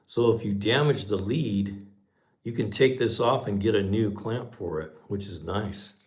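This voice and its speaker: A laid-back man in his sixties with a low voice, rambling loosely as he hosts a relaxed livestream and often tacks "man" onto the end of his sentences. He speaks in an easygoing, unhurried conversational style. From Southern California, USA. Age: 60s. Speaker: livestream host. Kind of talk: casual livestream chat.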